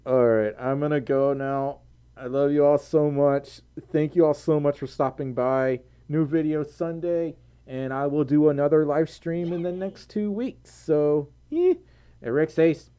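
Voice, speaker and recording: Reading viewer donations aloud during a live stream, a worn-out streamer from the United States giggles and rambles in easy conversation. Her medium-pitched voice is warm, clear and resonant, with a measured pace.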